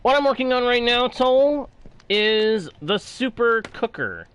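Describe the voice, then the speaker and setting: With a Texan-sounding drawl, a gaming streamer plays a block-building game, explaining his build step by step and reading chat aloud. His voice is extremely high with big pitch swings, bright, clear and resonant, at a measured pace.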